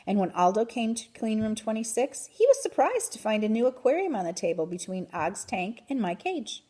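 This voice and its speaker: A woman reading a children's book aloud in an expressive, animated way. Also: a little high, normal speed. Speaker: reader. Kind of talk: storybook read-aloud.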